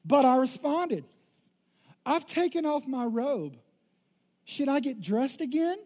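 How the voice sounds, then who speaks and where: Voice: high-pitched, lively intonation, slow, a little mellow, long reverb tail, pitched above the performer's own voice. A preacher voicing an annoyed ancient queen who answers sarcastically from her bed. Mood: sarcastic. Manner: sarcastic, fed-up.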